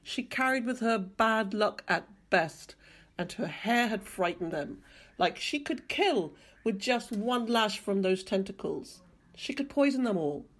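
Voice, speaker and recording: A woman reading a novel excerpt aloud with expressive narration. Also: medium pitch. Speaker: reader. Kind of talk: audiobook reading.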